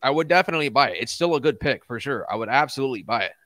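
A young man hosts a casual crypto livestream in a mid-range, sharp-toned voice, animated and racing along. He's laid-back, calling viewers man and dude, yet swears and launches into rants. The studio recording is clean, with no room sound.

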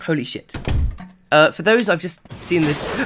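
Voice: medium pitch, a little slow, faint music behind. A game streamer giving live gameplay commentary, chatting to viewers and yelping when startled. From England. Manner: chatty, talks to the chat, yelps and shouts when startled.

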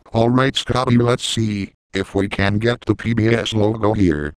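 A man's voice: on the low side, very animated, takes it slowly. A man giving impatient directions, like a director calling takes in a comic edit. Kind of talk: comic fan edit commentary.

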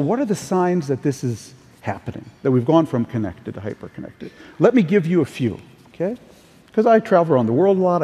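A man's voice: on the high side, mellow. Older man giving an echoey keynote. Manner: storytelling with anecdotes, occasional restarts. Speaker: keynote speaker. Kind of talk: conference keynote speech. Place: large conference hall. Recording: distant, echoey hall sound.

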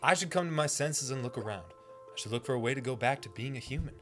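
A man's voice: mid-range voice, animated, quick pace, faint music behind. A man hosting a let's play video, joking, laughing and reading game text aloud in casual commentary.

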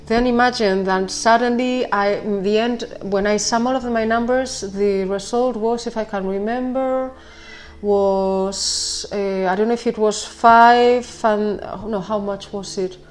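Excitable woman giving a tarot reading. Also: mid-range voice, a little slow, soft background music. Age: 40s. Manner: excitable, rambling, laughs often, keeps apologizing. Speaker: tarot reader. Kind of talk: casual spoken tarot reading.

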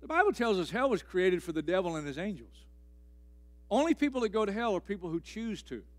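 A middle-aged man, a pastor delivering a sermon in a church, pressing key phrases again and again and swinging between loud and hushed. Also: high voice, very animated, brisk. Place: church sanctuary.

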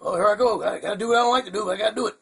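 A man's voice: high-pitched, racing, creaky, breathy edge, full character voice. A man voicing a goofy, confused male bird puppet who rambles in a muddled, chuckling way on a puppet comedy show. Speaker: hand puppet co-host.

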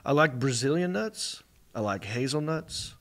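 A man's voice: medium pitch, lively intonation, measured pace, fairly bright tone. A man from the South, hosting a casual, joking podcast chat. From American South. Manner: joking, laughs often. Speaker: podcast host.

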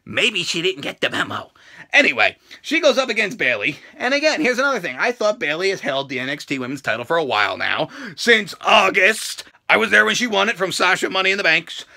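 A man reviewing a wrestling show in a casual reaction video, swearing freely and bursting into shouts. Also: sits high, big pitch swings, a little fast, vocal fry. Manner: profane, ranting, bursts into shouting.

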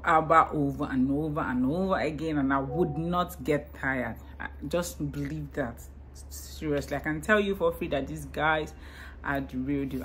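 A woman's voice: low-pitched, a little hiss or hum. A young woman vlogging a music reaction in a casual, emotional, gushing way, full of "you know" and "like".

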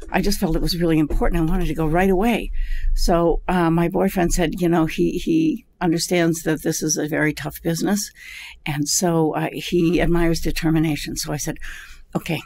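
An older woman with a gravelly, creaky tone spins long anecdotes about her acting career. She tells them with animated energy, breaking into laughter often. It sounds like a relaxed podcast conversation. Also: low voice, moderate pace, slight background noise. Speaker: actress guest. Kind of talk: casual storytelling interview.

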